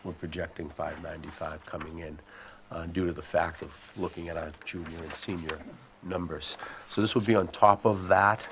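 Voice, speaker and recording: A man serving as school superintendent, answering committee questions in a measured, explanatory way and thinking aloud as he goes. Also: low voice, fairly even intonation, vocal fry, a bit bright, a little hiss or hum.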